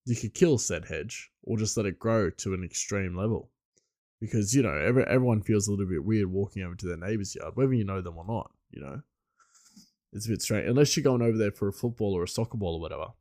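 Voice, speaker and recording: A man's voice: fairly low pitch, quick pace, warm tone. A man hosting a solo podcast in loose, rambling casual chat with frequent chuckles. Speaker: podcast host.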